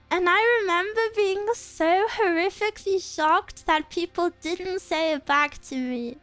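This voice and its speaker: Giggly high-voiced young woman streamer. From England. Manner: giggly, rambling, animated storytelling. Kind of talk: casual chat reading viewer comments.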